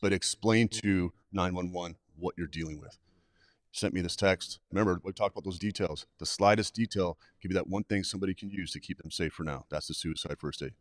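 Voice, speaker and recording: Quick, deep-voiced middle-aged man. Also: no room sound, clean studio sound. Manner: direct, plain-spoken, practical. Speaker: suicide prevention trainer, guest. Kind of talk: live webcast talk.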